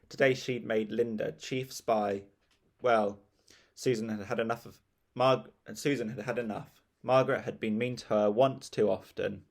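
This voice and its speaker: Gravelly-voiced man reading a children's story. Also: lowish voice. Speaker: audiobook narrator. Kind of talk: scripted storybook narration.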